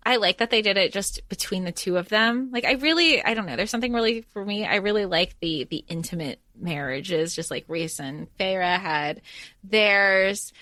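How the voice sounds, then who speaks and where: A woman's voice: mid-range voice, moderate pace, dry recording. A woman co-hosting a podcast, chatting casually about books, rambling and restarting her sentences. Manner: rambling, trails off and restarts, lively quoted voices. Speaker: podcast co-host. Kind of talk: casual book chat.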